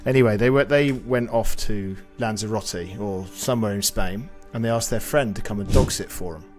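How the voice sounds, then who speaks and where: Low-voiced man telling a story. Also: normal speed, music in the background. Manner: animated, swears freely, acts out quoted voices. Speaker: podcast co-host. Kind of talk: casual storytelling chat.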